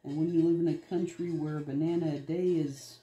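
A man's voice: on the high side, steady tone, a little fast, dark tone. A man hosting an art video, chatting casually and rambling from one topic to the next. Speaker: art channel host. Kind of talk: casual chat while making art. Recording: roomy echo, faint music behind.

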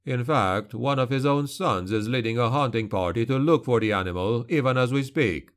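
A man voicing a cold, commanding male witch hunter who speaks slowly and with measured authority. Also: mid-range voice, natural voice. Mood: stern.

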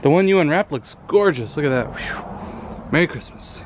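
A man's voice: a little high, expressive, normal speed. A man in his thirties with a Californian accent, an easygoing, tender father chatting casually with his family. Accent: Californian English.

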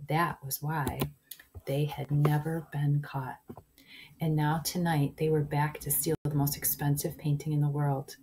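A woman reading a children's book aloud, shifting into hushed whispers at tense moments. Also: sits low. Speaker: reader.

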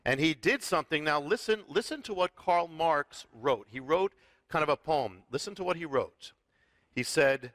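A middle-aged rabbi is speaking on a talk show, telling Bible prophecy as a lively story. His voice is bright and a little high, and he restarts and repeats words as he goes. The sound is dry and close to the mic. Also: moderate pace, dry recording. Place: TV studio with audience.

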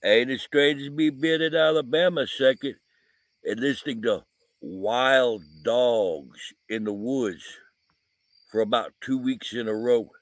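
A man's voice: medium pitch, unhurried, no room sound. A man telling a rambling, folksy story in a casual vlog, full of fillers, outdoors at night by a camper van. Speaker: vlogger, paranormal investigator. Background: crickets and insects.

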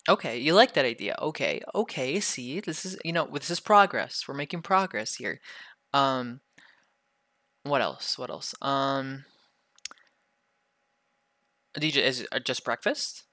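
A man's voice: medium pitch, expressive, unhurried, long pauses, sharp tone, no echo, studio quality. Bratty, cursing young man in ASMR role-play. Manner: bratty, teasing, heavy swearing. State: sore throat from illness.

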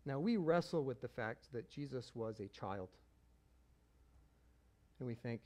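Male pastor, relaxed sermon delivery, laughs easily. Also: mid-range voice, a little slow, pauses often. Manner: conversational, chuckles while he preaches.

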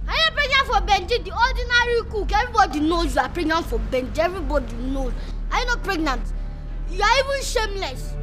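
A sharp-tongued young princess with a Nigerian accent. Her high voice swoops as she mocks and scolds in a film drama. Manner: mocking, scolding.

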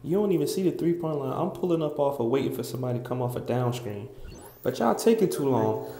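A young man talking over his own basketball highlights, boasting and calling each move in quick play-by-play bursts. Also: animated, mellow, slight background noise. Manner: boastful trash talk, quick play-by-play calls. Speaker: basketball player.

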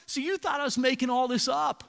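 A man preaching a sermon as pastor, animated, swinging between loud emphasis and hushed asides. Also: extremely high pitch, fairly quick, gravelly. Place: church sanctuary. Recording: long reverb in a large hall.

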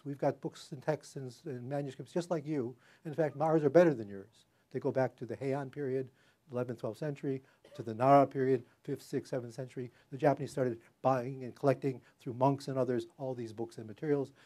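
With a mid-range, dark-toned voice, an older man lectures in a hall to the public on an academic topic. He halts often, restarting sentences and leaning on fillers.

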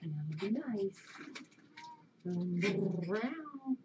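A woman talking to her pets in a soft, cooing, baby-talk manner. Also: mid-range voice, very animated, drawn-out words. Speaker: pet owner talking to her animals. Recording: dull lo-fi home recording with clear background noise.

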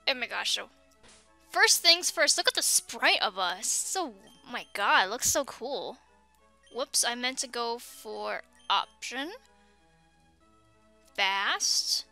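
A young woman hosting a game let's play, gushing excitedly and reading the game's text aloud as she plays. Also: fairly high pitch, takes it slowly, vocal fry, long pauses, soft background music. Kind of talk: excited gameplay commentary with facecam.

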